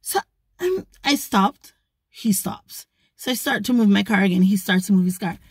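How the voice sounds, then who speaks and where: Woman, animated storytelling, dry close sound. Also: medium pitch, normal speed, husky, dry recording. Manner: animated, indignant retelling. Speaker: vlogger. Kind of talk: storytelling to camera.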